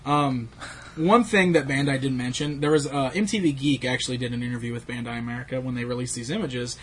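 A man's voice: mid-range voice, fast talker, a bit bright, slight background noise. A man hosting a casual chat about action figures, rambling with fillers and laughs. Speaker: toy collecting show host.

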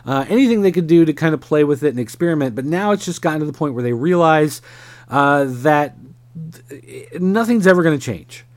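A man's voice: fairly high pitch, animated, fairly quick, dry recording. A man commenting on wrestling business news in a casual, rambling monologue with many fillers.

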